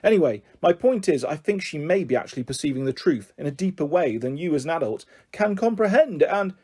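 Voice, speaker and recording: A man's voice: fairly high pitch, animated, a little fast, a little mellow, husky. A man doing a pompous posh boy. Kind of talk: audiobook character voice.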